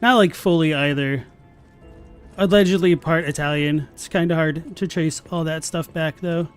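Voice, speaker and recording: A young man chatting deadpan and rambling while he plays a game live on stream. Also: on the high side, moderate pace, clean tone. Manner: rambling, filler-heavy. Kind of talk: casual live-stream chat while gaming. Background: faint game music.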